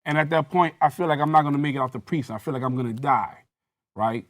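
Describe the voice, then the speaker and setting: A man's voice: mid-range voice, quick pace. Man reliving an interrogation story. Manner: reenacts dialogue with rising intensity. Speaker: guest recounting a police interrogation. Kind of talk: personal storytelling in a panel discussion.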